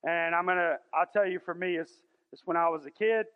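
A man, preaching a folksy, emphatic sermon to a church congregation and slowing down for scripture. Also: high-pitched, clean tone. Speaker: pastor. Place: large church sanctuary. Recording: thin phone-like sound in a reverberant hall.

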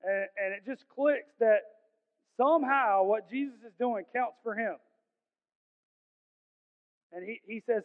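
A man's voice: high voice, slow, pauses often. A male pastor preaching a sermon in an earnest, conversational way with casual slang, recorded in a large church sanctuary. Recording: tinny phone-like sound with long hall reverb.

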